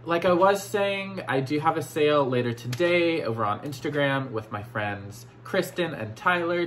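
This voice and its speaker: A man unboxing vintage toys in a casual vlog, effusive and gushing, often dropping into breathy near-whispers. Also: mid-range voice, fairly bright tone, slight background noise. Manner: gushing, effusive, repeats "oh my gosh". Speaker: vintage toy collector and seller.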